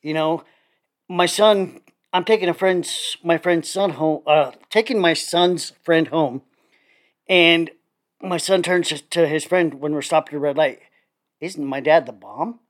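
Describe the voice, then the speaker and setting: A middle-aged man talking openly on a podcast, his voice pitched a little high. He speaks bluntly and swears freely, often breaking into laughter. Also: a little slow. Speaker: podcast co-host. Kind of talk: casual chat.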